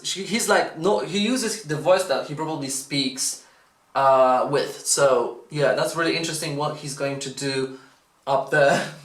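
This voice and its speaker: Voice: mid-range voice, fairly bright tone. A vocal coach giving casual, enthusiastic reaction commentary, often breaking into exclamations. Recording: roomy echo, faint music behind.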